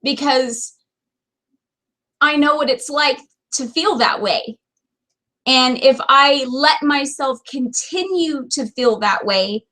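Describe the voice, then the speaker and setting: A woman's voice: sits high, fairly bright tone. A woman leading a sales team, giving an earnest, emotional motivational talk straight to camera. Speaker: direct sales team leader.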